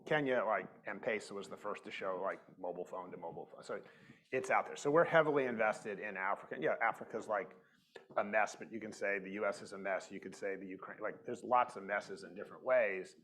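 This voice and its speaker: Brief: man, lowish voice, animated storyteller on a conference panel stage. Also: a little fast, poor audio. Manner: animated storytelling, acts out quoted exchanges, many "like" fillers. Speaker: panelist, tech investor.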